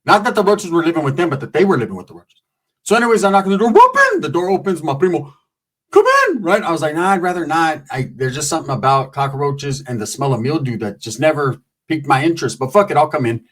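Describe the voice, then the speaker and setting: Quick-paced and casual, this man's comic tale is laced with profanity and slang. He adopts squeaky voices for the people he quotes.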